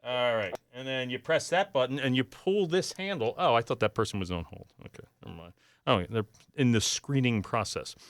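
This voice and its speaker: A man's voice: mid-range voice, animated, normal speed, dry recording. A man hosting a talk radio show in a studio, chatting casually with callers and reading listener texts aloud with asides. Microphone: studio microphone.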